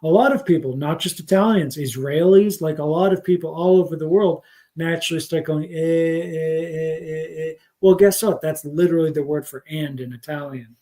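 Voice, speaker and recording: A man gives a casual livestream scripture lesson, thinking aloud and filling pauses with ums and uhs. His voice is mellow and warm, sitting a little high for a man. He wanders from point to point as he explains. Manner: rambling, many fillers, thinks aloud. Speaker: spiritual teacher.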